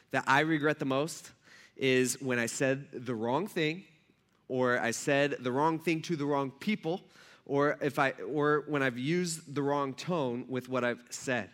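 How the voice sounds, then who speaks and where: A man preaching a sermon as a pastor in church, conversational and self-deprecating, acting out quoted voices with big jumps in pitch. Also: measured pace, a bit bright. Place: church hall.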